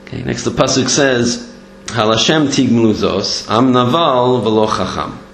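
A man's voice: medium pitch, unhurried, creaky. A man giving a Torah lesson, telling stories and acting out the voices in them. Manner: animated, acts out voices in stories. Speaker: Torah teacher. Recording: echoey room with faint hum.

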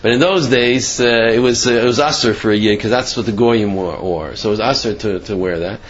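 A man telling a Torah story in a casual lecture. He acts out the quotes sudden leaps in pitch and rushed asides. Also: slight background noise. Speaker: Torah class speaker. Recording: slightly dull lo-fi recording.

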